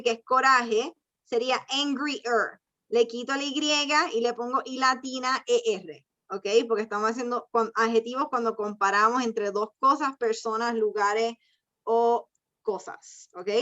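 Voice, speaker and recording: This online English teacher has a voice on the high side with a sharp tone. Patient and encouraging, she calls on students and explains things in both English and Spanish. The recording is dull, lo-fi audio from a video call.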